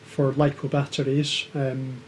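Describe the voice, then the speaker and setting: A man co-hosting a casual livestream, explaining things hesitantly and filling his pauses with lots of ums. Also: mid-range voice, completely flat delivery, darkish tone, slight background noise. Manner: hesitant, with many filler ums. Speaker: co-host of a maker livestream.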